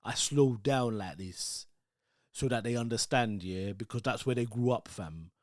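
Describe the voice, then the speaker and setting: A man putting on a laid-back young London street-slang voice, slow and mumbled. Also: medium pitch, no echo, clean studio sound, pitched below the performer's own voice, natural voice.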